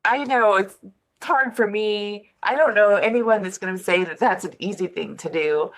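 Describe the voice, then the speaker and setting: A woman hosts a podcast and muses thoughtfully on the ideas raised. She talks at an ordinary middle pitch and laughs easily between her points. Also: moderate pace, fairly bright tone. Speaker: podcast host. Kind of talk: casual conversation.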